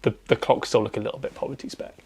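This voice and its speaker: A man's voice: on the low side, fairly even intonation, very fast, darkish tone, husky. A young man co-hosting a casual car podcast, laid-back and matter-of-fact with dry jokes. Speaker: podcast co-host. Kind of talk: casual chat.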